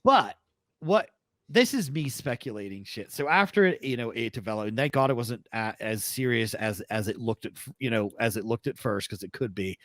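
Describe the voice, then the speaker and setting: A man co-hosting a podcast in casual chat, telling stories in an animated, profane way. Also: medium pitch, normal speed. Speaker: podcast co-host.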